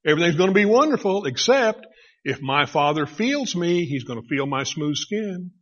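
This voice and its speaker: A nervous young man frets in hurried, confiding tones , voiced by a man in a sermon. The voice is husky and bright. The recording is dull and lo-fi. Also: a little high, sing-song, exaggerated voice. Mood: worried. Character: worried young man, scheming younger son.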